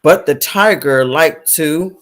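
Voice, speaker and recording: A woman reading a picture book aloud to children, animated and exclamatory, stopping to ask them questions. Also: sits low, takes it slowly. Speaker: storytime reader for children.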